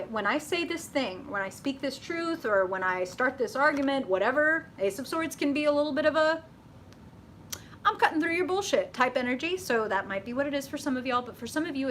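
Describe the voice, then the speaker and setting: A woman giving a live tarot reading, blunt and profane, talking casually and getting animated as she goes. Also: medium pitch, a little hiss or hum. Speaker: tarot reader.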